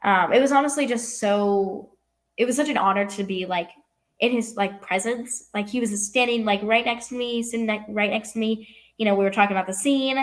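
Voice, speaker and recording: A woman's voice: on the high side, fairly quick. A young woman from California, an actress answering interview questions in a casual, filler-heavy way. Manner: youthful, heavy use of "like" and "um". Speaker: actress guest.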